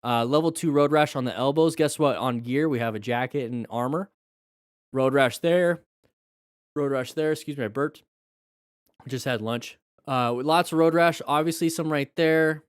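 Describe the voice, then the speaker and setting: A man's voice: medium pitch, normal speed, dry recording, clean studio sound. A man hosting a casual live stream, chatty and joking as he explains first aid. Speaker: live-stream host reviewing crash videos.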